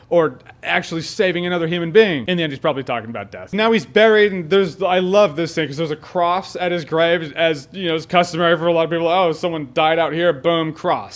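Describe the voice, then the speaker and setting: A young man with a high voice talks through a film in a casual spoiler review. He gets excitable, swears freely and drops into quick mock quotes of other people. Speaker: movie reviewer.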